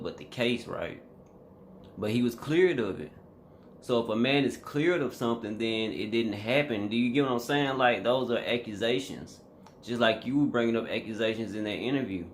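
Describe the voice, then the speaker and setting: A man's voice: medium pitch, a little hiss or hum. A man vlogging a casual reaction commentary, emphatic and slangy, talking straight to his viewers.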